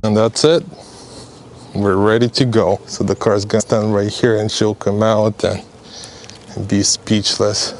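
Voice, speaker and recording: Slow-talking man vlogging outdoors. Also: fairly low pitch, over music. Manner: relaxed, chatty, laughs often. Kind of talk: casual vlog narration. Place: outdoors by a car.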